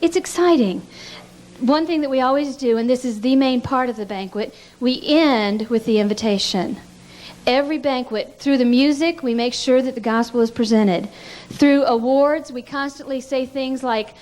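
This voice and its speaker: A woman's voice: high voice, normal speed, a little mellow. A woman giving a teaching talk at a pastors' conference, telling stories earnestly and often stammering on repeated words.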